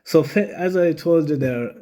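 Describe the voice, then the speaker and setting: A man's voice: a little high, normal speed, mellow. A young man telling a story casually, rambling, swearing freely and acting out other people's lines. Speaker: vlogger.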